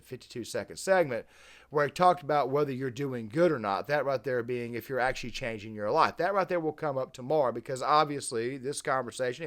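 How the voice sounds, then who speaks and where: Guy doing reaction commentary on his channel, emphatic and wordy, keeps repeating himself, ordinary mid voice. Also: mid-range voice. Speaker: channel host.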